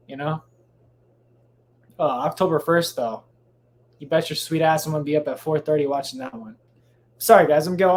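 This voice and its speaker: There's a little hiss or hum behind this man's fairly high, mildly mellow voice as he hosts a solo podcast. He records at home late at night, rambling casually, swearing often, restarting, and going off on tangents.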